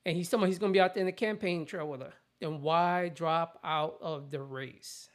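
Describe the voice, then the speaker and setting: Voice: mid-range voice, fairly even intonation, a little fast. Blunt, opinionated commentary host. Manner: blunt, opinionated rant with frequent restarts. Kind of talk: casual political commentary.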